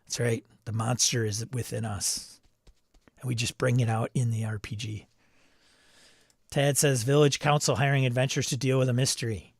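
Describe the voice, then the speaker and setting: A man's voice: mid-range voice, steady tone, moderate pace, dry recording, clean studio sound. A man hosting a live stream, chatting casually, reading viewer comments aloud and laughing often. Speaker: livestream host reading chat. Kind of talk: casual chat.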